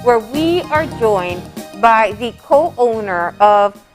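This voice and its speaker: A woman with a fairly high voice hosts a live morning TV show. She introduces a guest and prompts him with brisk questions. Faint music plays behind her. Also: expressive. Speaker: host.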